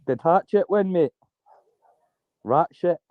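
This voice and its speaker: A man's voice: high voice, animated, slow pace, no room sound. A man calling in to a live fight stream, teasing and mocking in casual banter and swearing often. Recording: tinny phone line, dry.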